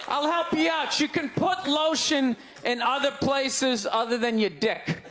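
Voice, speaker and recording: A man with a Boston accent doing a stand-up set on stage, ranting in loud, exasperated bursts that break into shouts. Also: very high-pitched, measured pace. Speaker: stand-up comedian. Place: live comedy stage before an audience. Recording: live crowd laughter, faint background noise. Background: audience laughter.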